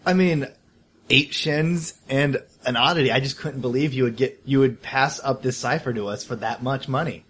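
A man's voice: mid-range voice, moderate pace, fairly bright tone, a little hiss or hum. A man playing a tabletop game in character, sarcastic and blustering, often laughing. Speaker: player.

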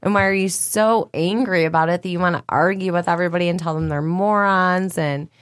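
A woman's voice: lowish voice, fairly even intonation, brisk, no room sound, studio quality. A woman co-hosting a podcast, talking in opinionated, rambling casual chat. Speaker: podcast co-host.

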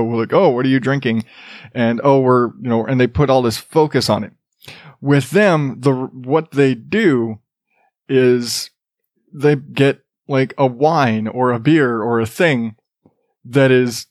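A man's voice: medium pitch, no echo, studio quality. A man in his thirties hosting a podcast, rambling casually, correcting himself and laughing often. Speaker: podcast reviewer host.

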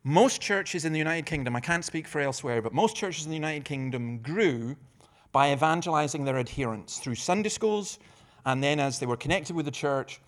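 With a fairly high pitch and moderate pace, a middle-aged evangelist and preacher addresses a conference on evangelism. His talk is lively storytelling with funny asides, and he often restarts phrases, repeating words as he goes.

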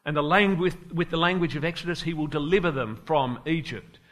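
An Australian man preaching a sermon in church, swinging from forceful emphasis to quiet, low stresses. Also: a little fast. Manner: emphatic, rises and drops sharply for stress.

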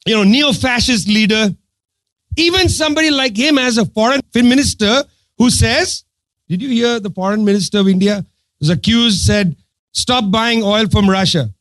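A man's voice: extremely high pitch, normal speed, fairly bright tone, no room sound. A man giving an impassioned political talk to an audience, sarcastic and emphatic, driving his points home through repetition. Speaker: political speaker addressing an audience.

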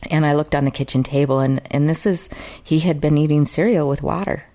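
A woman with an unusually deep, low-pitched voice speaks as a guest in an interview. She tells her own story in an earnest, open and emotional way, now and then making fun of herself. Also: fairly even intonation, fairly quick, dark tone. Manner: earnest, open and emotional, sometimes self-mocking. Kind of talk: candid personal storytelling in an interview.

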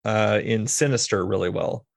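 With a lowish, gravelly voice at a moderate pace, a man hosts a podcast and chats loosely about movies. He tells meandering stories packed with fillers and restarts, and there's no echo.

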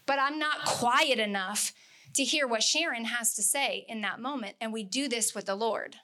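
A woman leads a casual Bible study in a fairly high, bright and forceful voice at normal speed. She speaks earnestly and conversationally, repeating words for emphasis.

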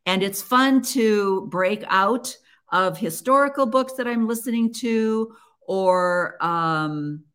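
On her own casual solo podcast, a woman with a medium-pitched, slightly bright voice speaks to her listeners. Her manner is earnest and encouraging, and she often restarts what she's saying.

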